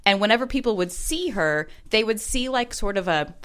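Smooth-voiced female podcast co-host. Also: mid-range voice, animated, moderate pace, fairly bright tone. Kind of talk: casual chat about commercials.

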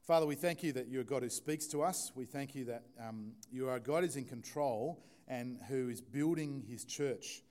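A man's voice: mid-range voice, moderate pace, few pauses, darkish tone. Chatty, joking male pastor. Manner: informal, chatty, joking with the congregation. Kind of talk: conversational sermon. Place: church.

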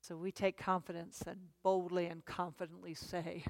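A woman's voice: fairly low pitch, flat delivery, moderate pace, gravelly. A woman leading a church Bible teaching, talking in a conversational way and inviting the congregation to read aloud. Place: church meeting.

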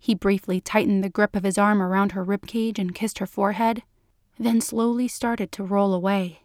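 A woman reads a written story aloud at a slow, measured pace. Her voice sits in a middle register and sounds dry and close, with no room around it. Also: mid-range voice, fairly even intonation, darkish tone, no room sound. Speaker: narrator. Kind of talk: scripted story narration.

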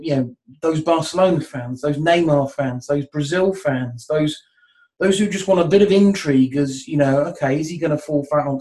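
A man with a voice a little higher than usual talks through a football question on a podcast. He thinks aloud and circles back with fillers as his ideas form. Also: a little mellow, low-quality recording. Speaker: football pundit. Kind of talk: casual podcast discussion.

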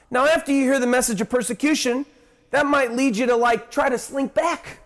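A male pastor with a high-pitched voice delivers a sermon with fervent emphasis. He repeats key phrases and throws rhetorical questions at his listeners. His loudness swells on declarations and falls away to near-murmurs at the ends of lines. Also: expressive, normal speed. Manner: impassioned, rising and dropping sharply in loudness.

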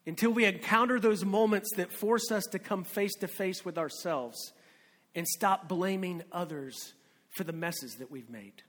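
A man preaching a sermon as a pastor, telling stories and dropping his voice low and quiet for emphasis. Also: big-room sound.

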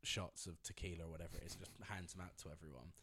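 Low-voiced man, casual rambling raconteur. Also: fairly even intonation, very fast, pushed and bright, a little hiss or hum. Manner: rambling, laughing, lots of fillers. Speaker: storyteller guest. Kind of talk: casual anecdote.

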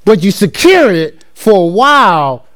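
A man's voice: high-pitched, measured pace. A man preaching a conversational sermon, repeating phrases and checking in with his listeners as he teaches. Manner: animated, repetitive, conversational preaching with call-and-response.

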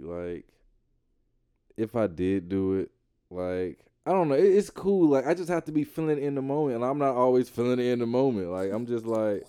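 A man in casual conversation, co-hosting a talk show, lively and swearing freely as he acts out quotes. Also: mid-range voice, clean tone. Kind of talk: casual chat.

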